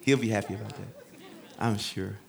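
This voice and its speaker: A man preaching a sermon in a folksy, joking way, swinging between loud shouted emphasis and hushed asides. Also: on the low side, fairly even intonation, normal speed, creaky, some chatter behind. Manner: conversational, folksy preaching with humor.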